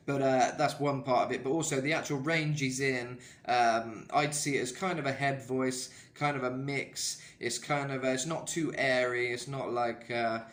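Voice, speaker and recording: The man's medium-pitched voice has a fairly bright tone and a reverberant quality as he walks through a casual singing lesson. Working as a vocal coach, he rambles, leaning on "kind of" and filler noises.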